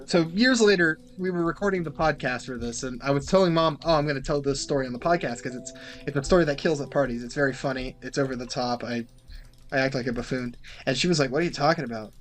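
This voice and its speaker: A young man hosting a podcast, telling a story in casual chat, animated and swearing freely as he acts out the quotes. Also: medium pitch, fast talker. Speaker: podcast host.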